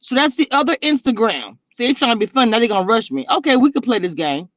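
Sassy high-voiced woman blogger, laughing often. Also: sing-song, fast, dry recording. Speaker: reality TV blogger hosting a live stream. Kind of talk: casual live-stream chat reading comments. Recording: dull, lo-fi and dry.

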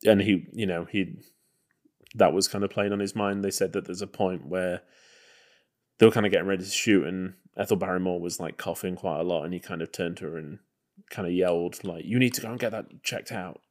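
A man's voice: low voice, level tone, fairly quick, darkish tone. A man co-hosting a podcast, chatting loosely about an old film with lots of fillers. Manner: loose and conversational, many fillers and hedges. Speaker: podcast co-host. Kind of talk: casual film-review chat.

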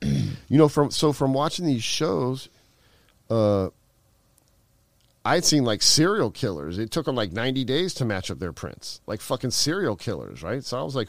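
A man's voice: mid-range voice, sing-song, normal speed, dry recording. A middle-aged man telling a long story in casual, rambling speech full of fillers and swearing. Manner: rambling, profane, heavy fillers. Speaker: guest.

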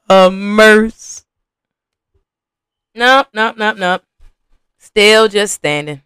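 A young adult woman hosts a podcast reacting to a reality show, giving animated, profane commentary and addressing her viewers directly as y'all. Her medium-pitched voice is clear and resonant, and she speaks very slowly with long pauses. There's no room sound.

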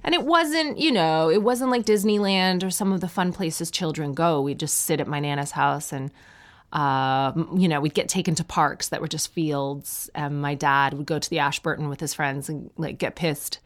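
A woman's voice: low-pitched, moderate pace. A woman telling a personal story in a chatty, meandering way, with frequent fillers.

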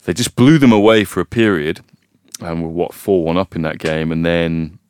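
A man's voice: sits low, moderate pace, darkish tone, smooth, dry recording, clean studio sound. A man discussing a football match in a casual podcast chat, thoughtful and hesitant, with frequent fillers. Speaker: football pundit.

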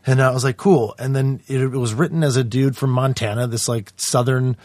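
A man in his forties, a guest actor in a casual podcast chat, telling animated stories and acting out quotes in other voices. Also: mid-range voice, a little fast, no echo.

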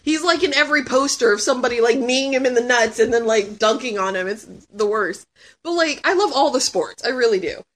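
A woman in her thirties, chatting casually as a guest and answering questions with lots of laughing, swearing and sudden shouts. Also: a little high, a little fast. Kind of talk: casual chat.

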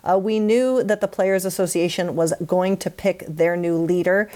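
A woman's voice: lowish voice, steady tone, normal speed, a little mellow. A woman hosting a casual hockey talk show, leading the discussion and cracking self-deprecating puns. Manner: joking, self-deprecating, punning. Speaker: podcast host. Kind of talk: casual sports chat.

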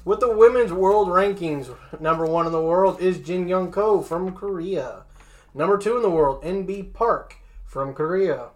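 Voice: medium pitch, unhurried. Casual sports host reading rankings. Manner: reads lists plainly, joking asides.

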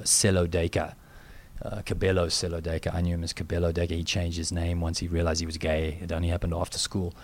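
A middle-aged South African man, a guest in an interview, speaking reflectively and haltingly with many fillers and restarts. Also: sits low. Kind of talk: interview conversation.

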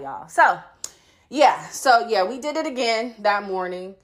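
A woman in her thirties hosting a podcast, telling a story in a blunt, profane, animated way. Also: medium pitch, a little fast. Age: 30s. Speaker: podcast host. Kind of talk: casual storytelling.

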